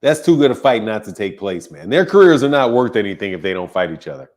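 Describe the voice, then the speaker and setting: A man's voice: on the low side, big pitch swings, quick pace, a little mellow. Casual male boxing stream host. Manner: casual, laughs often, greets chatters by name. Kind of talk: live stream chat with viewers.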